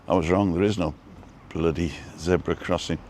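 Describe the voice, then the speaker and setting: A man's voice: low-pitched, steady tone, normal speed, darkish tone, a little hiss or hum. A man chatting casually while driving and filming, reading out viewer comments with a dry, joking manner. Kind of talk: casual live-stream chat while driving. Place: inside a car.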